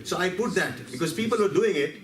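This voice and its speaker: A man's voice: sits high, expressive, quick pace. A man from India, giving a playful, story-driven health lecture and asking the audience questions. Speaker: health speaker. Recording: roomy hall, distant mic, faint background.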